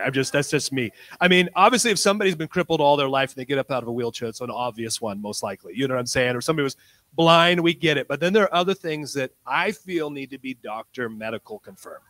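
Animated male preacher telling a story. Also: mid-range voice, no room sound, low-quality recording. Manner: animated, swings from quiet to loud bursts; tells stories in quoted dialogue. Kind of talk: sermon with storytelling.

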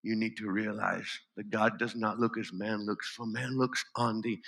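A man's voice: high-pitched, animated, moderate pace, pushed and bright, voice pushed up, exaggerated voice. A man doing an encouraging young girl. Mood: gentle. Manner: coaxing and insistent.

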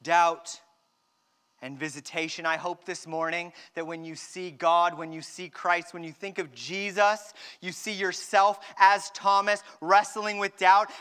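A man preaching with a very high, bright, clear voice. He acts out the people in his story and slows right down to stress his point. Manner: animated, acts out dialogue, slows down for emphasis. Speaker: pastor. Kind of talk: sermon.

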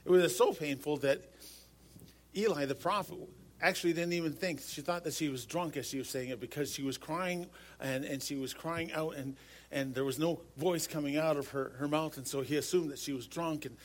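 A man's voice: a little high, moderate pace. Earnest man preaching a sermon. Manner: earnest, repeats words when restarting. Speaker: pastor.

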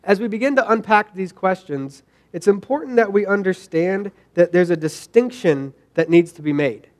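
Man, pastor, sermon, high voice, conversational, restarts often. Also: moderate pace. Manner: conversational, with repeated restarts and asides to the congregation.

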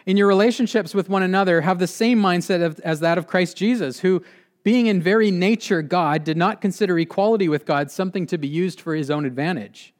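Man preaching in a slightly high voice. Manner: earnest, with slowed emphatic phrasing and drops to a quiet close. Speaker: pastor. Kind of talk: sermon.

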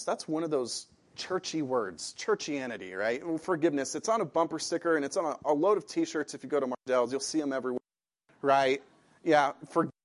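A man preaching a sermon in an animated, conversational way, asking the congregation questions as he reads and explains a parable. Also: a little high. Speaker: pastor.

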